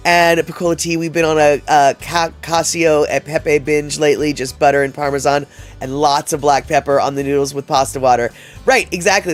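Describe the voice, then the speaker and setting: A man hosting a livestream, chatting casually and reading out viewer comments in a rambling way, with many fillers and restarts. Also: on the high side. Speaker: livestream host.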